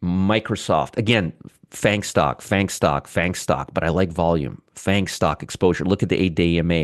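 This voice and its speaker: Low-pitched and captured in clean studio sound without echo, this middle-aged man runs a live stock market broadcast. He's talkative, reads out comments from viewers, and pokes fun at his audience.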